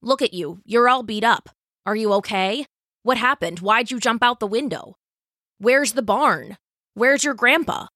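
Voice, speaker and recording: A woman voicing a kind, gentle teenage boy friend in an audiobook, speaking with concern. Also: a little high, measured pace, no room sound, clean studio sound.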